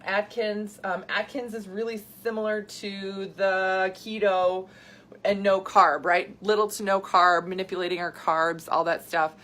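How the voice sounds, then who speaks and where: A woman in her thirties hosts a casual live stream as a health coach. She talks in an animated, chatty way and jumps up in pitch with excitement when she reads viewer comments. Her voice sits in an ordinary middle range for a woman. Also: measured pace. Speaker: health coach and podcast host.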